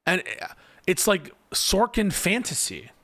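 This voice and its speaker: A man's voice: high-pitched, wildly swooping pitch, measured pace, a bit bright. A man doing casual live-stream commentary on politics, reading chat and ranting in a profane, exasperated way.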